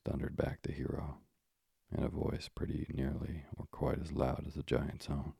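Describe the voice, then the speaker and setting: A man narrating a bedtime story in a calm, hushed, measured way. His voice is extremely deep and heavily gravelly, with a flat, unmoving melody. The recording is dry and close. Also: no room sound. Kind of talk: slow, soothing sleep-story reading.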